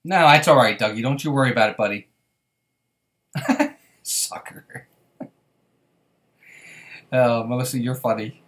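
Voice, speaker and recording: A man's voice: medium pitch, fast, few pauses, fairly bright tone. A man hosting a casual live stream, chatting and greeting viewers by name as he reads their comments. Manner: friendly, reassuring tone with viewers.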